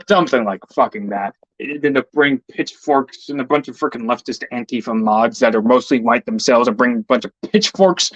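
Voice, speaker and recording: A man's voice: medium pitch, fairly bright tone, no echo. A man in a casual, heated rant, swearing often and stammering over repeated words. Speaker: vlogger. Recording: dull lo-fi dry recording.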